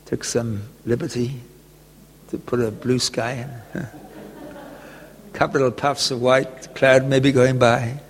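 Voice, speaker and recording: A man preaching a sermon, telling a gentle personal story and often chuckling. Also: medium pitch, fairly even intonation, takes it slowly, pauses often. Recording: long echoey reverb.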